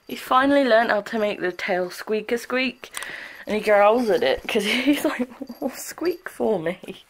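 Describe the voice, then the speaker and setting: A woman's voice: fairly high pitch, takes it slowly, long pauses. A young woman vlogging casually at home, cooing affectionately at her puppy. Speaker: vlogger and dog owner. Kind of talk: casual home vlog chat. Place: at home indoors.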